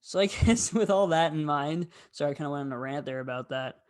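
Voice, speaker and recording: A man's voice: on the high side, a little fast. A man hosting a casual film review, talking in a rambling, candid way with frequent fillers.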